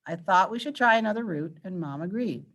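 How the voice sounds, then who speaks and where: A woman's voice: medium pitch, animated, a little fast, fairly bright tone. A woman teacher leading an online grammar lesson, patiently quizzing her students and walking them through each answer. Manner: patient, coaxing questions to students.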